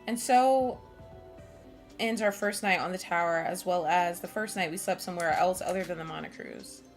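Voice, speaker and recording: A calm young girl narrating a video game story, as a woman reads her lines. She tells it in an even, reflective way, over faint music. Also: fairly low pitch, moderate pace, close to an everyday voice. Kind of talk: reading a visual novel aloud.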